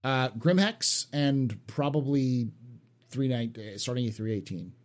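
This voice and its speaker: A man's voice: medium pitch, measured pace. A man hosts a casual panel discussion, reading out questions from viewers. His voice sits in a middle range and he talks in loose, rambling sentences, often circling back on himself before landing the point. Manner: rambling, with many restarts and fillers.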